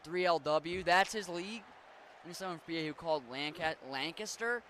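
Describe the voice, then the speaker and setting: A man's voice: on the high side, normal speed, a bit bright, a little hiss or hum. A young man from western Maryland with a mixed Pittsburgh and Appalachian accent, chatting casually and rambling as he streams a game, swearing now and then. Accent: western Maryland, Pittsburgh-Appalachian mix. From western Maryland, USA. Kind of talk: casual chat while gaming.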